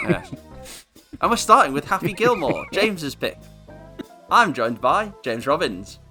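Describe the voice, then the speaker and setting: A man's voice: fairly high pitch, sing-song, measured pace, bright, forceful tone, soft background music. A man hosting a casual comedy podcast, joking, swearing and laughing as he talks. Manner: jokey, sweary, laughs often. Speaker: podcast host.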